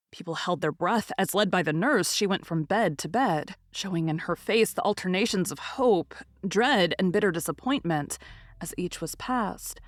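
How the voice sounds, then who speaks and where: An audiobook narrator reads a classic novel aloud in a measured, expressive storytelling style. Her mid-range voice comes through with no room sound, as scripted narration.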